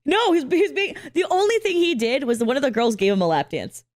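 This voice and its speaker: A woman with a lively, up-and-down voice, sitting a little high for her sex, telling a story with lots of laughs and casual swearing. The sound is dry and close, with no room in it. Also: brisk, dry recording. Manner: animated storyteller, laughs often, swears freely. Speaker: host reacting to videos. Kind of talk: casual chat.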